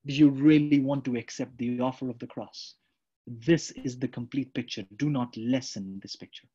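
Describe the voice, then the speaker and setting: A man's voice: medium pitch, moderate pace, dark tone, breathy edge, muffled recording. A man preaching a sermon with fervor, often repeating his lines and calling his listeners friends.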